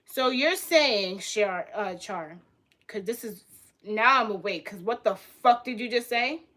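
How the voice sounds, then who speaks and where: A woman's voice: mid-range voice, lively intonation, unhurried, fairly bright tone. A young woman livestreaming, reacting in a heated, profane rant and repeating herself, in casual live-stream talk.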